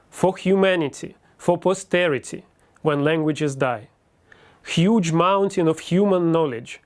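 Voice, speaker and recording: A man's voice: on the high side, a little mellow. A man who is a native Russian speaker, reading a passage in English with a Russian accent and articulating each word very carefully. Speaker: university lecturer.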